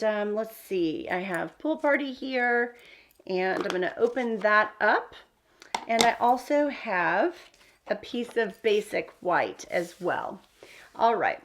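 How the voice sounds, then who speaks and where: Casting note: woman host for a crafting tutorial, chatty and thinking aloud, mid pitch. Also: a bit bright. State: hiccups. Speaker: card-making tutorial host. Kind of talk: casual crafting demonstration.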